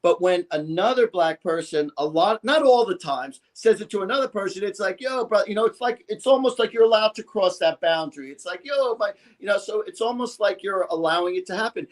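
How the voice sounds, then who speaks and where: A man's voice: high voice, brisk, few pauses. A man in his fifties, a psychic guest on a talk show, talking in an emphatic, rambling way and acting out quotes. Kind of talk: animated talk show chat.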